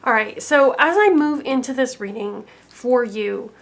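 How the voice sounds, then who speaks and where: Gravelly-voiced chatty woman tarot reader. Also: on the high side, lively intonation, measured pace. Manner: chatty, heavy use of "like" fillers. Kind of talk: casual pick-a-card tarot reading.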